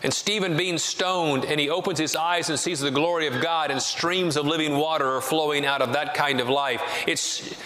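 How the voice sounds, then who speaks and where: A man's voice: a little high, fairly even intonation, normal speed, few pauses, pushed and bright. A male pastor preaching a sermon, telling a story and building to emphatic passages. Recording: long reverb in a large hall, faint noise.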